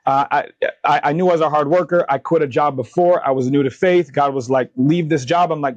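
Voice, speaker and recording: A man's voice: on the high side, fairly quick, no echo, muffled recording. A man in his thirties, a company founder and podcast guest, telling candid stories about his faith and leadership, acting out the dialogue with energy. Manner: earnest, animated retelling of dialogue, faith-driven. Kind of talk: candid interview storytelling.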